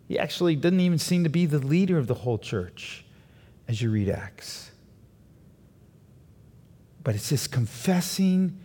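Animated man preaching a sermon. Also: medium pitch, breathy edge. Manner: animated preaching, building to emphatic peaks. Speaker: pastor. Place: church.

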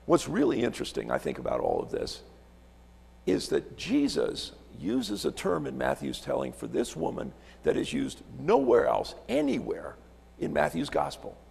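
A man's voice: medium pitch, wildly swooping pitch, moderate pace, gravelly, darkish tone, husky, in a large hall. A man preaching a sermon as a visiting pastor from Alaska, telling stories, repeating words and asking rhetorical questions in a church sanctuary.

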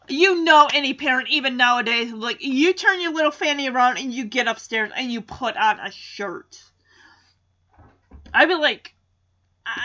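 A woman's voice: high voice, animated, moderate pace, sharp tone, dull audio. A woman in her forties chatting casually as she recaps a sitcom episode, rambling into personal asides.

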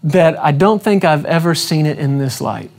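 A man's voice: on the high side, normal speed, gravelly, darkish tone. A man preaching a sermon, emphatic and repeating his questions, calling on the congregation to respond.

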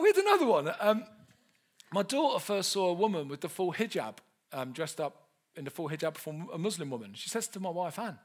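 A male preacher in his thirties, delivering a humorous sermon. His voice sits high for a man and swings widely in pitch. He tells animated, self-mocking stories. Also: a little fast, breathy edge.

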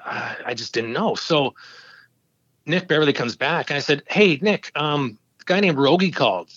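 A man's voice: fairly high pitch, moderate pace, dry recording, lo-fi sound. A man in his fifties, a podcast host, telling stories in casual chat and acting out quotes. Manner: storytelling, animated quoting.

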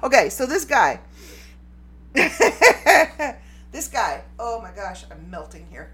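A woman's voice: fairly high pitch, sing-song, takes it slowly, pushed and bright, slight background noise. Giggly woman podcast host. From Canada. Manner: rambling and giggly, breaks into fits of laughter. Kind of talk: casual solo podcast chat.

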